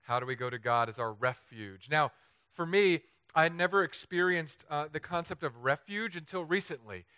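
A man from Southern California preaching a humorous storytelling sermon, animated and self-mocking, acting out the voices he quotes. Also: a little high, normal speed, smooth, no echo. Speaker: pastor.

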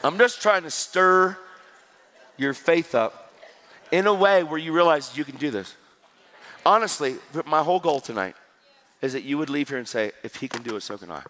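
A man preaching a sermon, telling a story in a lively, joking way and acting out the dialogue. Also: a little high, moderate pace, pauses often, long reverb tail. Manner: animated, jokey, acts out dialogue.

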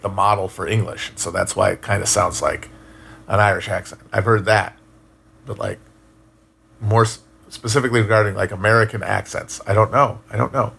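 A man casually talking on a live stream and answering chat, musing out loud, swearing now and then, with frequent restarts. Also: fairly low pitch, fairly even intonation, normal speed, gravelly, husky. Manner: rambling, musing, profane, many restarts.

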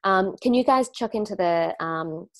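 A woman's voice: mid-range voice, a little slow, a bit bright. A woman with an Australian accent giving a live online talk to students, speaking reflectively and conversationally, with frequent fillers and restarts. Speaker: wellness teacher.

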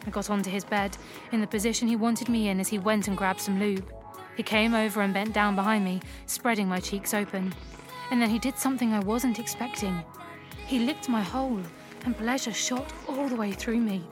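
A woman narrating an erotic audio story in a soft, unhurried first-person reading. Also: medium pitch, steady tone. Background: music.

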